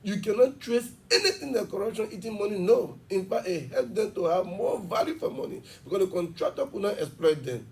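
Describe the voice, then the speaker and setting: A man's voice: high-pitched, animated, a little mellow, recorded from a distance. A man, an education official explaining at length in a TV interview. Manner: fast, emphatic explaining with examples. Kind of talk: television interview.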